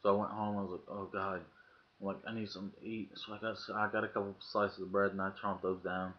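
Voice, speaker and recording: Man, low voice, casual profane storytelling, dull webcam sound. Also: flat delivery, fast. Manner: profane, acts out quoted lines in the story. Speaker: vlogger. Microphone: webcam mic.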